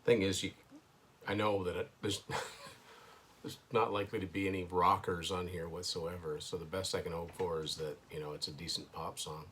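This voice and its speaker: A man's voice: low voice, level tone, moderate pace, fairly bright tone, a little hiss or hum. A man hosting his own show, casually thinking aloud through a first listen of an album, hesitant and with dry asides, at home indoors. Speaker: host.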